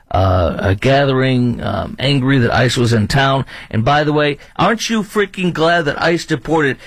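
A man's voice: a little high, fairly bright tone, slightly rough, no echo, low-quality recording. A man hosting talk radio, delivering an indignant, ranting monologue with lots of repetition and fillers.

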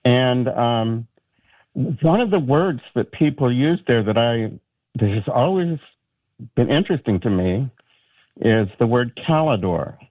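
A man's voice: mid-range voice, animated, measured pace, no echo. Male caller on a tinny phone line. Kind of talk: call-in radio chat. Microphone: telephone.

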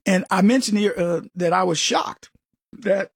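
A man hosting a talk radio show, telling stories in an animated way and acting out what people said. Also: sits high, unhurried, husky, dry recording. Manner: animated storytelling, acts out quotes.

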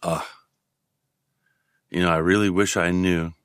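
A man in his sixties talks things through slowly and openly as an interview guest, often stopping to restart a thought. His voice has a bright, forceful edge. The recording is dry and close. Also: low voice, fairly even intonation, smooth, no echo. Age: 60s. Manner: thoughtful, halting, with frequent restarts. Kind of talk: reflective interview talk.

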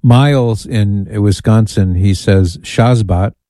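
A man's voice: on the low side, lively intonation, unhurried, warm tone, dry recording. A man hosting a call-in radio show, playfully reading out lists with amused asides. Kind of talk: casual talk radio.

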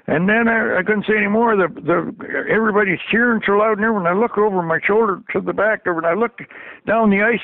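A man's voice: sits high, dry recording. An older man, a former hockey trainer, telling stories and chuckling often as an interview guest. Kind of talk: anecdotal storytelling. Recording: tinny dry phone line.

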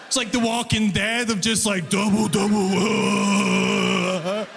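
Male stand-up comic whose first language is not English, high voice, animated delivery, live club with long reverb. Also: slow, gravelly, noisy background. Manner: animated storytelling, shouts punchlines. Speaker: stand-up comedian. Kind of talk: stand-up comedy set. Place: comedy club stage with audience. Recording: live room with long reverb, faint ambience.

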